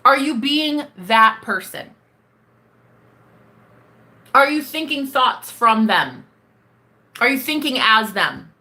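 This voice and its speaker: A high-voiced woman who talks straight to her viewers as a manifestation coach. She is blunt and profane and calls them honey and baby. Her tone is bright and tense, and her pitch leaps around in animated swings. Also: takes it slowly, long pauses. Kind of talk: ranting self-talk vlog.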